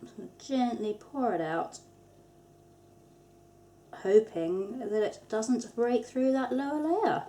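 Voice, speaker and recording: Speaking slowly, with long pauses, in a fairly high but dark-toned voice, an Englishwoman hosts a soap-making tutorial. She's casual and chatty, with light self-deprecating humour.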